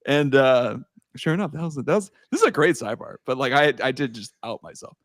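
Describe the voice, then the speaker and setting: Animated man telling a sports story. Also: brisk, dry recording, clean studio sound. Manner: animated storytelling, swearing, laughing, shouting at highs. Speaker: podcast host. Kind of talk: casual chat.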